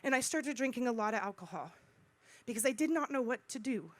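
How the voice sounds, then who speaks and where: A middle-aged woman speaking at a conference, telling a personal story in an animated way, acting out dialogue and repeating phrases for emphasis. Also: a little high, a little fast, dry recording. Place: conference stage.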